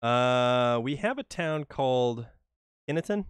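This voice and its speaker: Slow-talking man narrating gameplay. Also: medium pitch, expressive, clean tone, dry recording. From New England, USA. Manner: chatty and joking, repeats words when starting sentences. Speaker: livestream gamer. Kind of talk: casual gameplay commentary.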